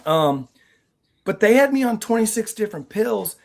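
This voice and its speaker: On a veterans' talk show, a guest who works on a nonprofit team gives conversational interview answers, rambling earnestly and restarting often. The voice is mid-range and gravelly, swinging widely in pitch at a moderate pace.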